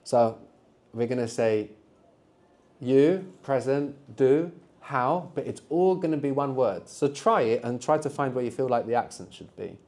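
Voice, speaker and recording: A man's voice: medium pitch, lively intonation, unhurried, darkish tone. A man teaching a live beginners' language workshop to students in a classroom, patient and encouraging, explaining step by step. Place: university classroom.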